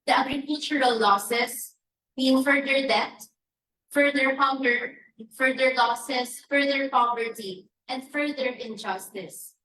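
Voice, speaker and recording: Emphatic Filipino woman, high bright voice. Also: slight background noise. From Philippines. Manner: emphatic, deliberate, listing demands. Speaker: church advocacy speaker. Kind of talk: prepared press briefing statement. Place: conference press room. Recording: echoey room, from a distance.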